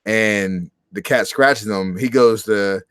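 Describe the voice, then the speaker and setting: A man's voice: fairly low pitch, slow, fairly bright tone, smooth, no room sound. A man retelling a horror movie plot in loose, casual chat, acting out lines of dialogue as he goes. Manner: loose storytelling, acts out quotes. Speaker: podcast co-host.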